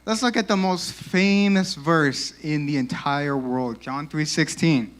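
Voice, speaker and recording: Animated young man preaching to youth. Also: on the high side, unhurried. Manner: casual, animated, lots of 'like'. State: out of breath. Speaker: youth speaker. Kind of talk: youth sermon. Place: church.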